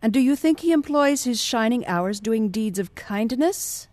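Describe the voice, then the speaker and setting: A woman reading as a sneering, disdainful gentleman. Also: a little high, lively intonation, normal speed, dry recording, natural voice. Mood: scornful. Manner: disdainful, cutting. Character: scornful, sneering gentleman husband.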